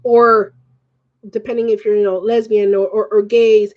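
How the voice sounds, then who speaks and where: A woman vlogger ranting in casual chat, rambling and swearing, swinging quickly between feelings. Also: mid-range voice, flat delivery, highs cut off. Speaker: live-streaming vlogger.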